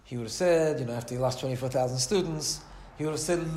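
A man's voice: medium pitch, quick pace, darkish tone, echoey room, slight background noise. A man teaching a Torah class in a conversational way, often asking "right?" and acting out the voices in his stories. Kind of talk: Torah lecture.

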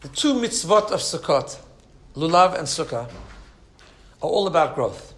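A man teaching a religious lesson, telling a story with an animated manner and frequent asides. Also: fairly high pitch, measured pace.

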